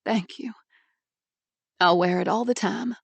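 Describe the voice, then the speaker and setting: A woman voicing a shy, petite young woman who speaks in a hushed, slightly raised voice. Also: medium pitch, measured pace, vocal fry, slightly rough, no room sound.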